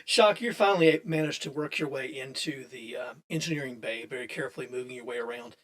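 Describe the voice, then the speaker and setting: A man's voice: mid-range voice, quick pace, a bit bright. A man running a tabletop role-playing session as game master, narrating in a loose, chatty way with frequent restarts and laughs.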